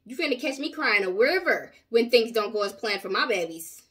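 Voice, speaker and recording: A woman's voice: on the high side, animated, a little fast, a bit bright. A woman hosting a commentary channel, giving sassy, outspoken reactions.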